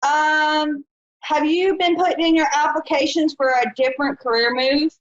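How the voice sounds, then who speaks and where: A woman's voice: high voice, fairly even intonation, moderate pace. A woman hosting a live call-in psychic show, chatty and folksy. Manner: chatty, folksy, says honey and y'all. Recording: dull lo-fi live stream.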